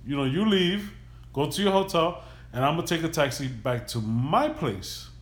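In an echoey room, a man with a somewhat high voice talks at normal speed as he casually recounts a long story on his podcast. His retelling is loose, profane, and animated, with him acting out the people involved.

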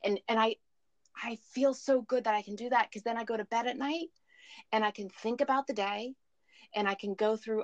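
A woman's voice: fairly high pitch, steady tone, normal speed, no room sound, lo-fi sound. A woman calling in as a guest, telling her personal story in a candid, emotional and rambling way over the phone. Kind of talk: candid recovery story chat. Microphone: phone call.

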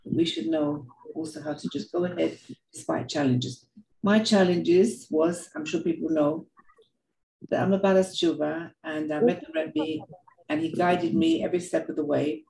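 An older woman giving a heartfelt personal talk, telling stories in an earnest, animated way and often repeating words. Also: sits low, normal speed, gravelly, echoey room, slight background noise, poor audio. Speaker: speaker sharing reflections.

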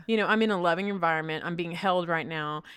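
A woman's voice: on the low side, fast, fairly bright tone, clear, resonant tone, no echo. A middle-aged woman co-hosting a faith-based chat, telling stories with playful voices and laughter. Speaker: co-host.

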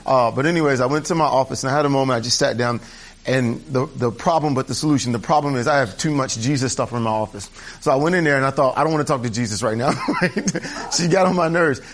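During a church service, a pastor with a mid-range voice and quick pace preaches a conversational sermon to his congregation. He's candid and chatty, drifting into asides and restarting his sentences.

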